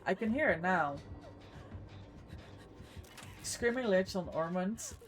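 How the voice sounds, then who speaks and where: A woman's voice: mid-range voice, expressive, slow, soft background music. A woman streaming a game, commenting on her play to herself with panicky outbursts. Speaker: streamer and competitive player. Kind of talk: live gameplay commentary.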